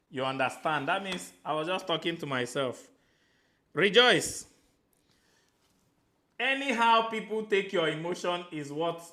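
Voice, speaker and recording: A Nigerian man talks through a motivational business Q&A, animated and playful, slipping into Pidgin and acting out little scenes. His voice sits fairly high for a man. The sound bounces around an echoey room. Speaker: real estate coach answering questions. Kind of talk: motivational Q&A talk.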